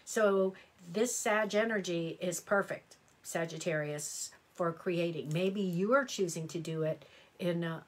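Woman, middle-aged, low voice, chatty, exclamatory, live horoscope reading, talks to viewers. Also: a little slow. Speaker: astrology reader.

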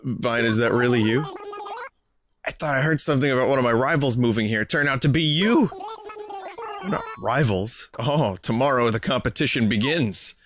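A man's voice: medium pitch, lively intonation, normal speed, a bit bright, a little hiss or hum, natural voice. A man doing a brash male animal rival. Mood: boastful. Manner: brash, competitive. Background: game music.

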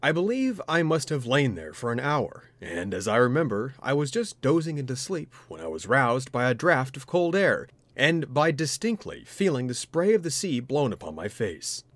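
A male narrator reads a ghost story aloud with dramatic expression. His pitch moves lively up and down, with a mid-range voice. The recording is dry and close. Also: moderate pace, hardly any pauses, no echo.

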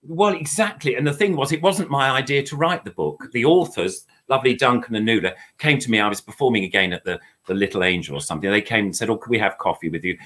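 A man's voice: mid-range voice, animated, fast, few pauses, a bit bright. An older man, a guest chatting and reminiscing in a rambling, chatty way. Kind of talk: casual reminiscing chat.

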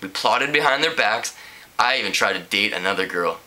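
Smooth-talking teen schemer cracking jokes, man reading, bright voice. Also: lowish voice, lively intonation, a little fast, low-quality recording. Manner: joking, persuasive. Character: scheming wisecracking teen boy.

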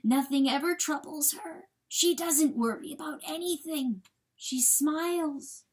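A woman reading a storybook aloud, voicing a bewildered, grieving father coyote who pleads in halting, breathy, hushed words. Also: high voice, animated, distant mic, voice pushed up, full character voice. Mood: wistful. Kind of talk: dramatic audiobook reading.

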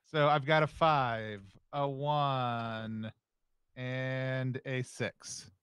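A man plays a tabletop game in a mid-pitched voice, often stumbling and restarting as he works out his turn. The recording is dry and close. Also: steady tone, drawn-out words, fairly bright tone, clear, resonant tone, no echo. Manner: hesitant, restarts his sentences. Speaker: player. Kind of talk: casual tabletop game play.

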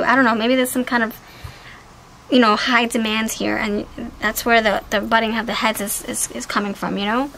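A woman giving a casual, chatty tarot card reading, animated and talkative. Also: a little high, fairly quick, slight background noise, low-quality recording. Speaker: tarot reader.

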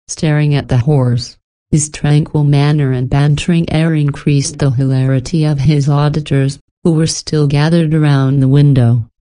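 Low-voiced woman narrating a story. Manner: even, measured storytelling. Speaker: audiobook narrator. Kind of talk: scripted narration.

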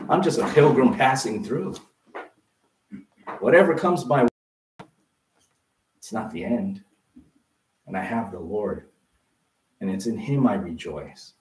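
A man preaching a sermon as pastor, lively and conversational, full of rhetorical questions. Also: on the low side. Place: church sanctuary. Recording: roomy sound from a distance.

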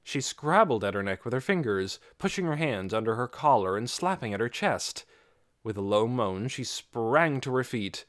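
A male audiobook narrator reads a scripted book aloud with expressive storytelling. His mid-range voice moves at a normal speed, and the studio-quality recording has no room sound.

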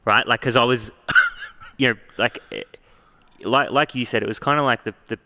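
Brief: male host, lowish pitch, bright crisp tone, hesitant and filler-heavy. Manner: halting, filler-heavy, restarts often. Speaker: podcast host. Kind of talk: casual interview chat.

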